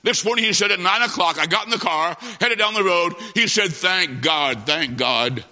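A man preaching a sermon, telling a story dramatically with slow delivery and long pauses. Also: high-pitched, sharp tone. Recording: hall reverb, dull lo-fi sound.

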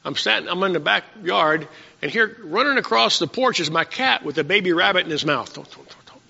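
Gravelly bright-voiced pastor preaching. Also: male voice, high voice, animated. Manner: reads verses slowly, then tells folksy stories. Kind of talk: sermon with scripture reading. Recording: dull lo-fi church recording with long reverb.

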